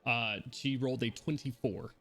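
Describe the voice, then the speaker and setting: A man running a tabletop game as game master, brisk and orderly as he calls turns and rolls. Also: medium pitch, steady tone, bright, forceful tone, soft background music.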